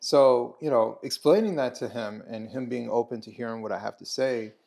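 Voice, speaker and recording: Gravelly-voiced male host, halting speech. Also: mid-range voice, darkish tone. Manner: halting, with many restarts and fillers. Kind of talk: casual conversation over a meal.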